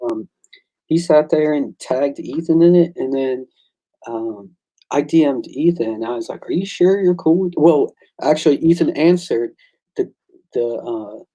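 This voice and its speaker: Man, comic creator, casual chat, mellow tone, husky, acts out quoted lines. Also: mid-range voice, unhurried, poor audio. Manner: excitable storyteller, acts out quoted exchanges. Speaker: comic book creator and artist.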